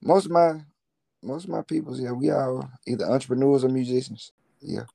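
A man's voice: mid-range voice, fairly quick, gravelly, warm tone. A man being interviewed as a musician and entrepreneur, talking in a laid-back, rambling way with plenty of slang. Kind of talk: casual interview chat.

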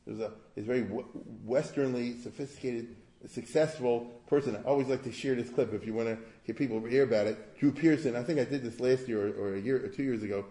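A man's voice: medium pitch, fast talker, warm tone, echoey room. A man giving an informal lecture in a conversational, digressive way, often asking the audience rhetorical questions. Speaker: history lecturer.

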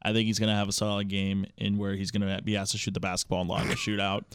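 A man's voice: fairly low pitch, completely flat delivery, fast talker, clear, resonant tone. A man hosting a casual sports betting picks segment, chatty and offhand.

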